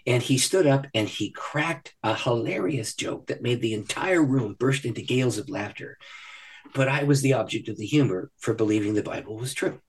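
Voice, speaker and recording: A man who is a guest on a podcast, telling a personal story in an animated way and laughing often. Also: mid-range voice, normal speed, breathy edge. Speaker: podcast guest, ministry leader. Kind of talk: storytelling in a conversation. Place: podcast recording.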